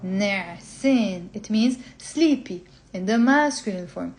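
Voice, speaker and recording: A woman explaining a language textbook, saying model phrases slowly for learners to repeat. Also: high voice, expressive, a little mellow, slight background noise. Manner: slow, drawn-out model phrases for repetition. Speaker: language teacher.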